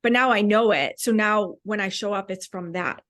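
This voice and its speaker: Woman guest, open and reflective, casual chatty delivery, middle-pitched voice. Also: moderate pace, a bit bright. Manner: candid, reflective, many "like" fillers. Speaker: podcast guest. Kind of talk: casual conversational interview.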